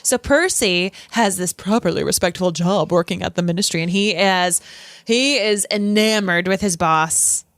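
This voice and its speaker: A woman's voice: mid-range voice, normal speed, a bit bright, no echo, studio quality. Chatty woman podcast co-host. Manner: chatty, many fillers. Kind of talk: casual chat.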